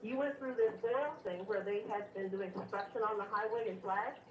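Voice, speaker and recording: A woman calling in to a radio show, telling a long story in a rambling, animated way with many fillers. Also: medium pitch, normal speed, roomy sound, far from the mic, lo-fi sound, background noise. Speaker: caller. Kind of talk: phone-in storytelling.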